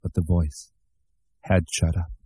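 Deep, husky male audiobook narrator. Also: little pitch movement, unhurried, warm tone, no room sound. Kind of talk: scripted narration of a novel.

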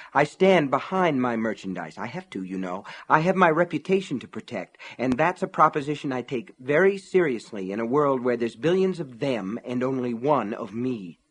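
A man voicing a suave, sinister male shopkeeper who speaks smoothly with a faintly mocking edge. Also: medium pitch.

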